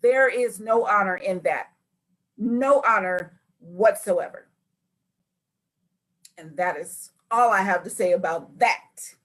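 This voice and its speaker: A woman hosting a Bible study, teaching with lively storytelling and acted-out voices. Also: mid-range voice, takes it slowly, pauses often. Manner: acts out scripture figures with lively voices.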